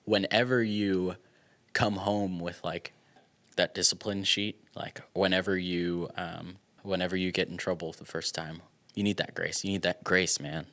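Low, bright-voiced young man musing. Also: little pitch movement. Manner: reflective, halting, many fillers. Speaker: podcast guest. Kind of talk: casual conversation.

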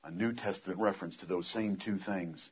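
A man's voice: low voice, brisk, slightly rough, lo-fi sound. A man preaching a sermon, earnest, reading scripture aloud and pressing the point with force.

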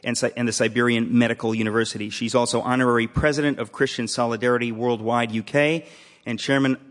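A man hosting a live event, introducing the evening's speaker with dry, deadpan jokes and asides. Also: medium pitch, fast talker. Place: hall with a live audience.

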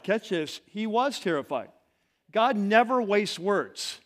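A male pastor with a notably high voice, preaching in a relaxed, chatty manner. He reads verses aloud and breaks them down with quick asides. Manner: casual, conversational preaching with fillers and asides. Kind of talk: sermon.

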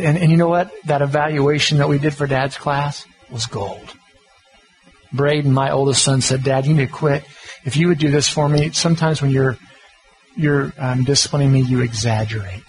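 A man's voice: fairly high pitch, rough recording. A middle-aged man, giving a folksy, conversational sermon on parenting as a pastor. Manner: folksy, conversational, self-deprecating.

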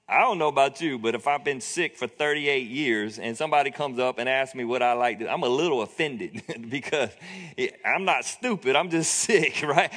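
A man's voice: mid-range voice, normal speed, a bit bright. A man preaching a sermon in a conversational, joking storytelling manner. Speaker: pastor. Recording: long hall reverb.

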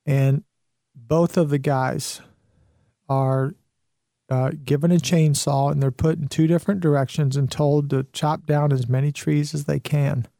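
A man's voice: fairly high pitch, fairly even intonation, measured pace, vocal fry, mellow, no room sound, clean studio sound. A man hosting a show, giving an earnest motivational talk with some restarts and fillers. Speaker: show host.

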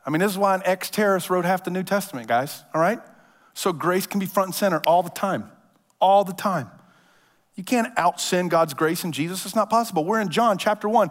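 A man preaching a sermon in a casual, animated storytelling manner, acting out voices as he tells the story. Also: high voice, moderate pace. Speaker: pastor. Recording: long hall reverb.

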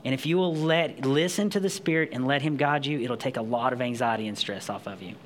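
A man's voice: a little high, fairly bright tone, slight background noise. A man preaching, reading scripture aloud and then explaining it in a conversational, emphatic way. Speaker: pastor. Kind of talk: sermon.

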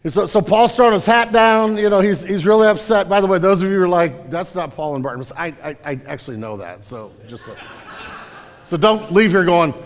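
A man preaching a sermon in a lively, animated way, acting out quotes loudly. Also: high-pitched, fairly quick. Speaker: pastor. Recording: hall reverb.

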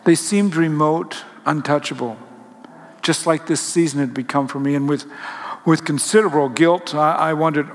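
Man, reflective storytelling, musing and halting, slightly high voice, long hall reverb. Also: steady tone, a little hiss or hum. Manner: musing, halting, with self-corrections. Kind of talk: reflective first-person storytelling.

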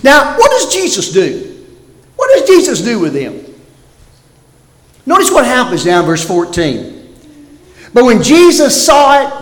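A man preaching a sermon as pastor, swinging from loud emphatic bursts to quiet, near-whispered lines. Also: high voice. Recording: roomy hall reverb.

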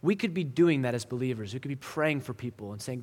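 A male pastor delivers a sermon in an easy, conversational way. He punches key phrases and then falls to a hush. His mid-range voice rings out with a long reverb through a church hall. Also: medium pitch, expressive, quick pace, few pauses. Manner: conversational preaching with rising emphasis and hushed drops.

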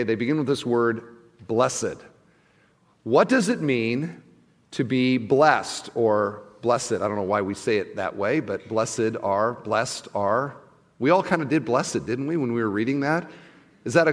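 A man's voice: fairly high pitch, a bit bright. Conversational male pastor in a reverberant hall. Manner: conversational, asks the audience questions, many restarts. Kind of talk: sermon.

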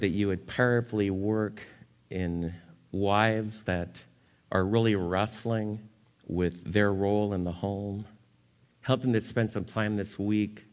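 A man with a fairly low voice preaches a sermon in an earnest way. He climbs to emphatic peaks and then sinks back to a soft, quiet tone, and he ends by leading a prayer. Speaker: pastor.

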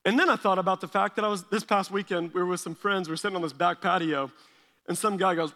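High-voiced, animated preaching man. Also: a little fast, long reverb tail. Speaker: pastor. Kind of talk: sermon. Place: large hall stage.

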